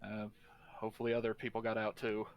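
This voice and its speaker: A man's voice: fairly low pitch, completely flat delivery, fast, muffled recording. A man playing a tabletop game, talking casually and rambling with many fillers. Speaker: player.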